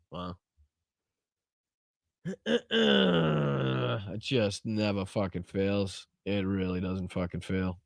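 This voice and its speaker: Male livestream host, mid-pitched, profane and rambling, dry close sound. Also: slow, vocal fry, dry recording. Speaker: livestream political commentator. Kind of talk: casual livestream commentary.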